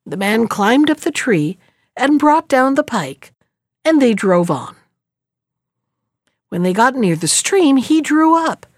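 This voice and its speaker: A woman reading a fairy tale aloud in an expressive, unhurried storytelling manner. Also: fairly high pitch, dry recording, clean studio sound.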